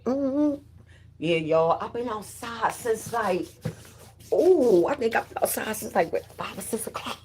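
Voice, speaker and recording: A woman's voice: medium pitch, animated, moderate pace, darkish tone, a little hiss or hum. A middle-aged woman chatting casually and profanely on her livestream, greeting viewers by name and telling a story. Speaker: livestream host.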